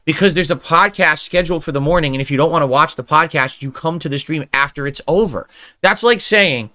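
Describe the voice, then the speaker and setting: A middle-aged man streaming live, reading out viewer suggestions and tearing into them with an irritated, mocking rant. His voice sits a bit high for a man, with a bright, tense edge. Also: brisk. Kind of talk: livestream commentary.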